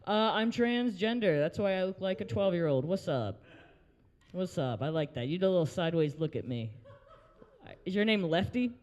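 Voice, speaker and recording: A man's voice: high voice, expressive, fairly quick, a little mellow, smooth, in a large hall. A young man hosting an open mic, doing a crude stand-up set and working the crowd in a brewery. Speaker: open mic host and comedian. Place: brewery taproom, live audience.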